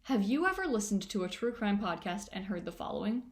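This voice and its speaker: A woman's voice: mid-range voice, sing-song, brisk, roomy sound. A woman doing a sarcastic, exasperated stand-up bit. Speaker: comedian.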